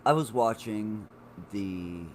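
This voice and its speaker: Slow-talking profane man in his forties. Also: lowish voice, expressive, a little mellow, slight background noise. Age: 40s. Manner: rambling and profane, talking to chat viewers. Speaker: live streamer. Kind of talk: casual live-stream chat.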